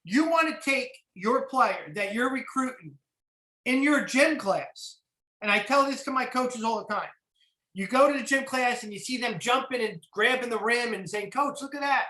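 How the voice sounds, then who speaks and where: A middle-aged football coach with a New Jersey accent, breaking down plays in a clinic talk, animated and blunt, swearing casually. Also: male voice, very high voice, moderate pace, reverberant, poor audio. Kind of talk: clinic talk over game film.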